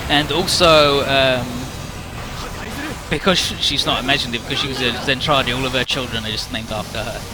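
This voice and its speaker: A man's voice: mid-range voice, fairly even intonation, a little fast. A young man streaming a game, rambling casually and profanely about the story over game music. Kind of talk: casual gaming commentary.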